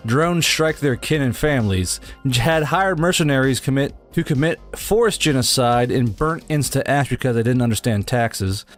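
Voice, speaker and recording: A man reading online stories aloud in a dry, flat-toned way, as co-host of a casual podcast. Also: mid-range voice, moderate pace, hardly any pauses, soft background music.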